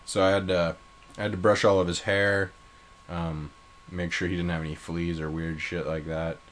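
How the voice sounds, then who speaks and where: A man co-hosting a casual comedy podcast, telling absurd crude stories in a deadpan way. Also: low voice, normal speed. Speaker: podcast co-host.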